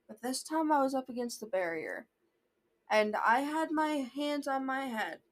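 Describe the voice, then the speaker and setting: High-voiced woman rambling through a story. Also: fairly bright tone. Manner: rambling, sidetracked, self-interrupting. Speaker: vlogger.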